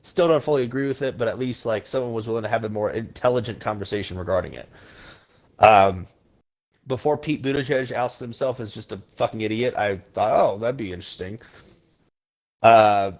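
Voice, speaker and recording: A man's voice: lowish voice, normal speed. Blunt, profane male podcast host. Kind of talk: casual political rant.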